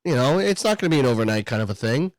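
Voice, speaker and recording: A man's voice: mid-range voice, sing-song, racing, dry recording. A man co-hosting a casual podcast about being a dad, talking in a rambling way, swearing and often laughing. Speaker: podcast co-host. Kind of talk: casual chat.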